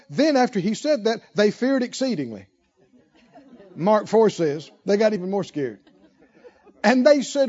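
A man preaches a sermon in a very high, animated voice, drawing his words out slowly and with a mellow tone. He leans on rhetorical questions and repetition. The recording sounds dull and lo-fi. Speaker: pastor.

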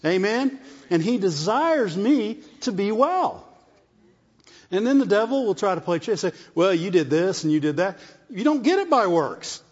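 A man delivers a sermon in a fairly high voice, checking in with the listeners and repeating phrases as he builds his point. His voice carries a long reverb from a large hall. The sound is dull and muffled. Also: big pitch swings, normal speed, breathy edge. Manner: call-and-response asides, repeats phrases. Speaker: preacher.

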